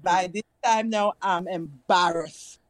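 A middle-aged Jamaican woman in casual chat, telling stories in an animated way and laughing often. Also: on the low side, slow, no echo. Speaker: guest.

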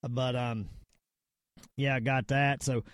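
A man's voice: medium pitch, level tone, takes it slowly, no room sound, studio quality. A middle-aged man with a Southern US accent, hosting a podcast and ranting in a rambling, emphatic way with repeated words. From Virginia / North Carolina area, US. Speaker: podcast host. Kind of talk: casual podcast rant and sign-off.

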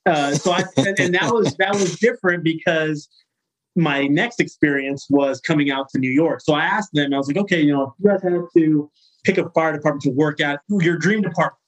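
A man in his thirties from California, a firefighter guest telling a story in a casual interview, animated and acting out the people he quotes. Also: a little high, a little fast, poor audio. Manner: animated, acts out quoted voices.

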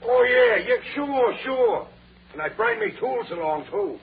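A man's voice: fairly high pitch, sing-song. A sly tough-guy burglar. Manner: slangy gangster talk, slow and sly. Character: dim tough-guy burglar posing as bank boss. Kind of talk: 1930s radio comedy acting. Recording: muffled old radio broadcast, hiss.

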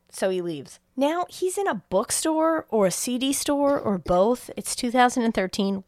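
A woman's voice: mid-range voice, normal speed, few pauses, no echo, studio quality. Chatty woman recapping a movie. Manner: animated, swears freely, acts out quoted lines. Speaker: podcast co-host recapping a film. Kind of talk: casual chat.

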